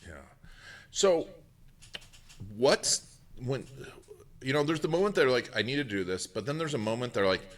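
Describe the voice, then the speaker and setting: A man hosting a podcast, asking questions in a casual, halting way with many restarts. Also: medium pitch, animated. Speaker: podcast host. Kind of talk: casual interview chat.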